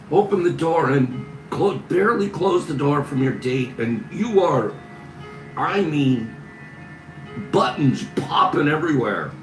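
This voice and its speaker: Here the livestream host's voice sits on the high side, with lively intonation, a slow pace and long pauses. He reads out viewer comments, giggling, teasing and laughing all the while. The audio is from a phone camera in an echoey room, music going in the background.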